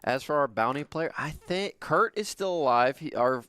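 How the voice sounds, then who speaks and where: A man co-commentating a card game tournament stream, relaxed and chatty, laughing often. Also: fairly high pitch, moderate pace, clear, resonant tone. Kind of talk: casual live-stream commentary.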